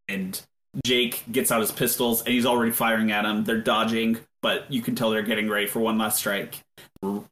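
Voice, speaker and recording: A man narrating a tabletop game as game master in a relaxed storytelling way with fillers. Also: fairly low pitch, roomy sound.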